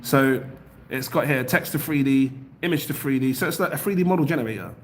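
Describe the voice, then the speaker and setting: A man's voice: medium pitch, quick pace, a little hiss or hum. A man hosting a casual crypto livestream from home, rambling as he reads out viewer comments and web pages. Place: home, near his kitchen.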